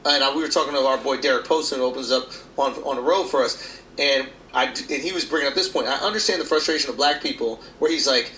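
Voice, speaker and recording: Podcast co-host, New man, animated and pushy; faint room ambience. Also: fast talker, echoey room, slight background noise, rough recording. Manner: animated, emphatic, rising pitch when arguing. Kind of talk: casual chat.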